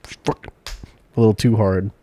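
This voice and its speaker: A man co-hosting a casual chat podcast, blunt and deadpan, swearing often. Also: fairly low pitch, unhurried, dry recording. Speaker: podcast co-host.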